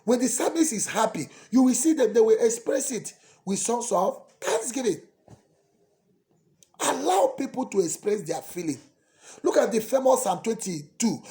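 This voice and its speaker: A man preaches a sermon as a priest. His voice moves through a wide, animated range of pitch. He shifts dramatically between soft, pleading lines and loud, impassioned ones. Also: moderate pace.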